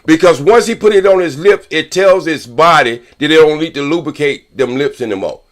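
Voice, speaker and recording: An older man argues on a live-stream panel, swearing freely and circling back to his points. His voice sits a little high and swings widely in pitch as he talks. He lectures the others and will not back down. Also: expressive, a little fast, fairly bright tone. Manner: profane, rambling, combative. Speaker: panel guest. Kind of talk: heated live-stream debate.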